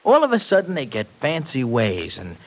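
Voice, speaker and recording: Pulled from an old radio broadcast with the highs cut off, this clip has a medium-pitched male voice whose pitch swoops wildly at a normal pace. He's acting in a 1940s radio show as a streetwise young working-class tough, full of slang and broken grammar.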